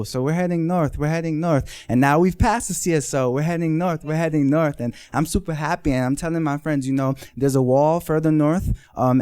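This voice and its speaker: A man tells a story live on stage, lively and theatrical, acting out every exchange. His voice is warm and mellow, and the sound is dry and close. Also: medium pitch, smooth, dry recording. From the Bronx, New York. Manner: animated, acts out dialogue, repeats phrases for rhythm. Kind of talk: live first-person storytelling.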